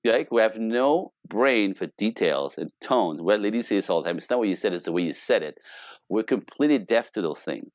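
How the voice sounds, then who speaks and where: A man with a fairly low voice that swoops up and down as he talks. He is a relationship coach in a casual interview, an animated, joking storyteller. The sound is dry and close. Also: fairly quick, dry recording. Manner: animated, joking storyteller who acts out quoted dialogue.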